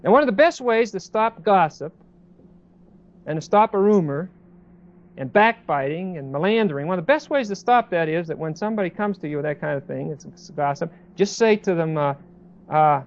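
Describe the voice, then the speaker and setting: A man's voice: on the high side, animated, normal speed. Conversational man preaching, lo-fi. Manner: conversational, with many fillers and restarts. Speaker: pastor. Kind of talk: sermon.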